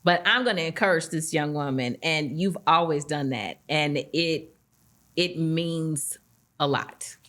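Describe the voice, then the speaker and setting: A middle-aged woman hosting a podcast in casual chat, an animated storyteller who acts out the voices she quotes. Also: deep voice, a little slow. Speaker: podcast host.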